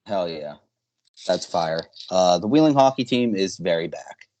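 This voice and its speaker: A man's voice: low-pitched, expressive, a little slow, a little mellow, slight background noise. Rambling young man hosting a podcast. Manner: rambling, hesitant, lots of fillers. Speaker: podcast host. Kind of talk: casual chat.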